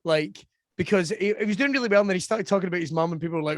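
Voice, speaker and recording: A man's voice: on the high side, racing, no echo. A man hosting a podcast, telling stories boisterously, swearing and laughing often. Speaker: podcast host. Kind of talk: casual chat.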